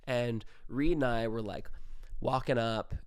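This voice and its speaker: A man's voice: mid-range voice, measured pace, smooth, no room sound, studio quality. A young man hosting a podcast, telling a story in a rambling, casual way, full of like and swearing. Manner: rambling, peppered with like, swears freely. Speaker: podcast host.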